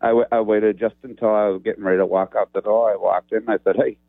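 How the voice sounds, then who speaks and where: A deep-voiced man telling his story over a tinny phone line, plain-spoken and easygoing. The sound is dry and narrow, as if squeezed through a call. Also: fairly even intonation, quick pace, gravelly, no room sound. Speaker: caller.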